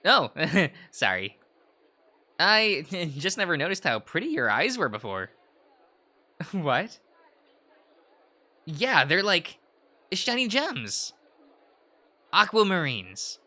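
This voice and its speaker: A man's voice: a little high, wildly swooping pitch, slow pace, pauses often, pushed and bright, pitched above the performer's own voice, heavily acted. A man doing a sweet, posh teenage boy. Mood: dreamy.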